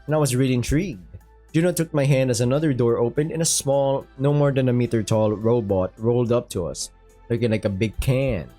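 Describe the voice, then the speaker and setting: A man's voice: mid-range voice, a little fast, warm tone, soft background music. A man reading a sci-fi story aloud and breaking off into joking, casual asides. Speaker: story reader and commentator.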